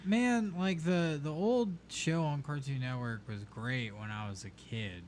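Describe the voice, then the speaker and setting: A man's voice: on the high side, a little slow, slight background noise. A man chatting casually and enthusiastically, dropping 'dude' often. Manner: enthusiastic, says dude a lot. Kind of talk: casual chat.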